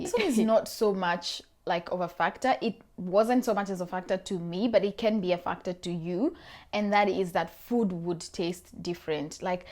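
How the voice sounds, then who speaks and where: A young woman in her twenties, raised in Kenya, speaks in a voice pitched at an ordinary level for a woman, and her accent mixes Kenyan and Australian sounds. She talks straight to her viewers in a chatty, encouraging way. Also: a little mellow. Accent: Kenyan-Australian blend. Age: 20s. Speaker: vlogger. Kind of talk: casual advice vlog.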